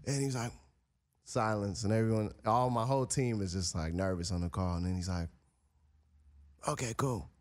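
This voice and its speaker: Male musician guest, smooth resonant voice, lively storyteller. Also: lowish voice, fairly quick. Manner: animated storyteller, acts out other people's lines. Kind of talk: casual interview storytelling.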